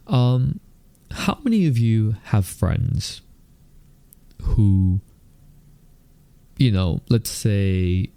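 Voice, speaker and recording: A man in his mid-thirties hosts a casual solo podcast, his low, gravelly voice carrying a slight lisp from the retainers he wears. He talks slowly and deliberately, with plenty of fillers, and his tone is mellow and dark in a dry, close-sounding space. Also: no echo. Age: mid-30s. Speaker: podcast host.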